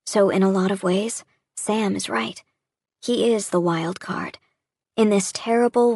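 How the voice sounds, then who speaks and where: A woman giving a reflective, measured first-person audiobook narration. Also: medium pitch, darkish tone, no room sound, clean studio sound.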